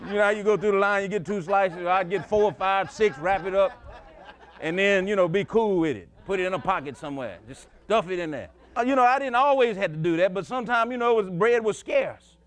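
Male preacher, high voice, folksy, chuckling, emphatic storytelling sermon. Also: brisk.

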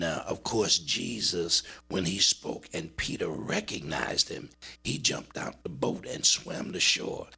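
A man preaching a dramatic sermon, swinging between high urgent cries and low murmured passages. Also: creaky, sharp tone, breathy edge.

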